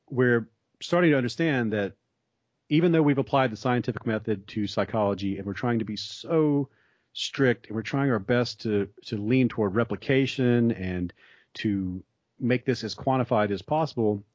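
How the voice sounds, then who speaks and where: A man's voice: medium pitch, normal speed, darkish tone, no room sound. An American man explaining ideas thoughtfully in conversation, building his points with examples. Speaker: guest explaining psychology. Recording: dull lo-fi, dry sound.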